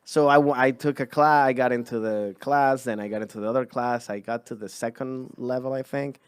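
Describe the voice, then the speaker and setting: A man's voice: medium pitch, steady tone, a little fast, clear, resonant tone, no echo. A young man from Venezuela, a comedian, chatting casually on a podcast and rambling with many restarts. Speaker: guest comedian.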